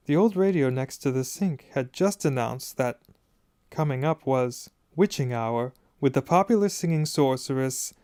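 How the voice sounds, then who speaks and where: A man narrating an audiobook in a measured, expressive storytelling manner, close to the mic. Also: medium pitch, clear, resonant tone, no room sound. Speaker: audiobook reader.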